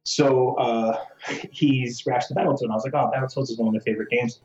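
A man's voice: medium pitch, steady tone, fairly quick, a little mellow. A man and speedrunner from Michigan, chatting casually on a podcast and telling stories with many fillers. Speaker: speedrunner guest. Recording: echoey, dull sound with faint music.

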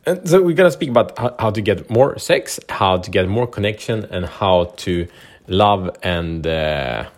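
A man's voice: on the low side, animated, takes it slowly. A man talking casually to camera as a relationship coach, candid and loose, swearing and laughing now and then. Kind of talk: casual advice talk to camera.

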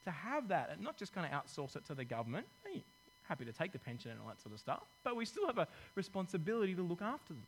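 A male pastor preaching a sermon in a lively, conversational way, dropping in corny jokes. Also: high-pitched, fast talker, a little hiss or hum, poor audio.

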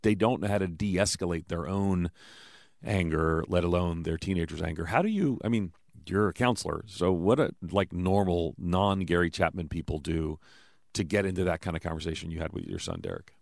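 A man hosting an interview, asking questions in a quick, enthusiastic way with personal asides. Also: deep voice, expressive, creaky, darkish tone, no room sound, studio quality. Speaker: interview host. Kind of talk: conversational interview.

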